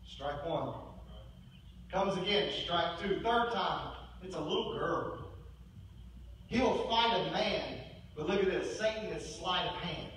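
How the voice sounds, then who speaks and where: A high-pitched, bright-toned male pastor preaches from a distance in a reverberant church sanctuary, faint room hum behind him. He moves between forceful declarations and hushed, near-whispered storytelling. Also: a little slow. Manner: preaching with dramatic swings between loud and hushed. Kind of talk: sermon. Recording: echoey church hall, mic at a distance.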